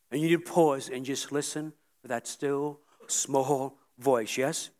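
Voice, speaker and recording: A man's voice: medium pitch, steady tone, measured pace, few pauses, a little mellow. A middle-aged male pastor preaching a sermon, earnest and often repeating words, building to emphatic peaks.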